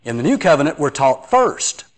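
A man's voice: on the high side, sing-song, moderate pace. A man, a preacher giving an earnest, emphatic Bible lesson and telling stories to a class.

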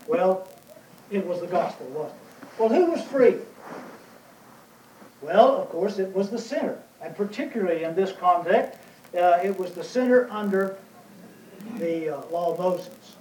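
High-voiced preacher in an echoey room. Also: male voice, darkish tone. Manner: plain teaching with many pauses and fillers; rhetorical questions answered himself. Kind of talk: verse-by-verse Bible teaching. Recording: echoey room, voice from a distance, faint noise.

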